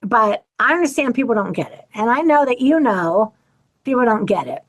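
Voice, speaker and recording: A middle-aged woman hosting her own channel, talking candidly to viewers and acting out other people's lines in an animated way. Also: fairly high pitch, moderate pace, low-quality recording. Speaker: channel host. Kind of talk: personal talk to camera.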